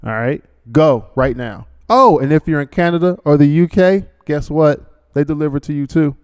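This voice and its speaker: A man's voice: a little high, normal speed, clean tone. A man hosting a podcast in a rambling, joking monologue, full of fillers and asides. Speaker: podcast host. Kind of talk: casual monologue with a read sponsor ad.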